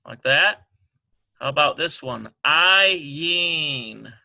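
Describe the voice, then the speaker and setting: A man slowly working through a language exercise, sounding out syllables and spelling letters one by one. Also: a little high, animated, creaky, sharp tone. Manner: slow and halting, sounding out syllables. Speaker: Hebrew teacher. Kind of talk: screen-recorded lesson walkthrough.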